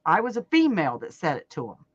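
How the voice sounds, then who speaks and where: A woman's voice: on the low side, huge pitch swings, fast, husky, no room sound. Woman host for a casual crafting livestream, outspoken and chatty, with a dull lo-fi sound and a dry room. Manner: chatty, outspoken, laughs often. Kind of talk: casual chat while crocheting.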